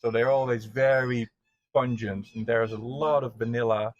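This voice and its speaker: A man's voice: mid-range voice, fairly even intonation, normal speed, dry recording, highs cut off. A man, a brewer, explaining barrel aging at length in a casual tasting chat.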